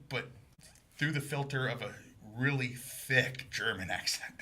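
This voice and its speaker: A man co-hosting a community TV movie talk show, chatting casually with animated, mocking humor and frequent laughter. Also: medium pitch, unhurried. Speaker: co-host of a movie review show. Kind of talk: casual chat. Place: community TV studio.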